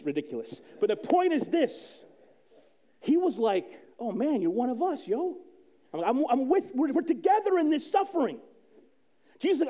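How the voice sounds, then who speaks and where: High, lively-voiced male pastor preaching. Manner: animated storytelling with sudden soft drops and loud quoted outbursts. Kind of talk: sermon.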